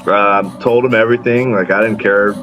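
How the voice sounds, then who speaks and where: Low-voiced man telling blunt stories. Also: steady tone, moderate pace, over music, rough recording. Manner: blunt, swears freely, laughs while telling stories. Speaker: podcast guest. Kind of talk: casual storytelling.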